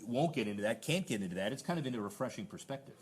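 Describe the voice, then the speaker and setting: A man's voice: mid-range voice, animated, racing. A man hosting a conversational interview, explaining his points at length with frequent restarts. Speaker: sports business interviewer.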